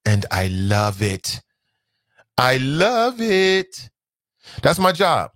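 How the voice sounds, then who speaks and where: A man's voice: medium pitch, no echo. A man in his thirties hosting a talk radio show, reading listener comments aloud and reacting with laughter and opinions. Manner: animated, laughing, mocks voices.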